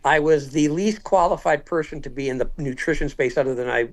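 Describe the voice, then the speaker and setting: Male guest, fifties, brisk storyteller with a slightly high voice who plays out every line of dialogue. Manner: animated, acts out quoted dialogue. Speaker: podcast guest. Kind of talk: storytelling in casual conversation.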